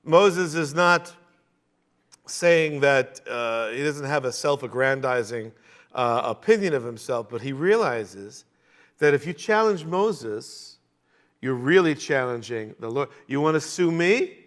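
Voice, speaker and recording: A man teaching a verse-by-verse sermon, animated, with jokey asides. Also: mid-range voice, slow pace. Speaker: Bible teacher.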